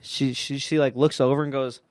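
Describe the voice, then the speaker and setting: A man's voice: mid-range voice, flat delivery, fairly quick, darkish tone, no echo, clean studio sound. A young man co-hosting a podcast, telling a rambling story with lots of "like". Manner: rambling storyteller, heavy use of "like". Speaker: podcast co-host. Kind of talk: casual chat.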